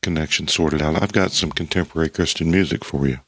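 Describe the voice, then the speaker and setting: Deadpan podcast co-host, man with a very deep voice, recorded dry and close. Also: quick pace, no room sound. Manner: wry, deadpan joking. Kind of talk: casual chat.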